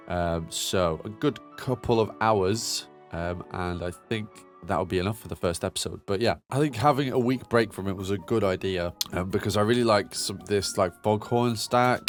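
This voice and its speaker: A young man, a music producer, chatting casually and upbeat as he talks through making a track in his home studio. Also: lowish voice. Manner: chatty, upbeat, lots of fillers and self-talk. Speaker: music producer, channel host. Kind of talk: casual tutorial commentary while producing. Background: electronic music playing.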